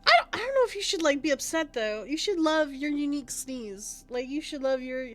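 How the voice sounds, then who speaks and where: High-voiced young woman streamer, sniffly. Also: expressive, fairly quick. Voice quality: high, youthful voice she calls cute. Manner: rambling, swears often, reacts to chat. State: sniffly, sneezing and clearing throat. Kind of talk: casual game stream chat.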